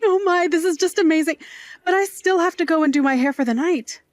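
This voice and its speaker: A woman's voice: very high-pitched, a little fast, no room sound. An actress voicing a glamorous, doting middle-aged aunt who works nights at a bar, fussy and theatrical in her manner. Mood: gushing. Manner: fussy, dramatic, gushing. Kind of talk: audio drama acting.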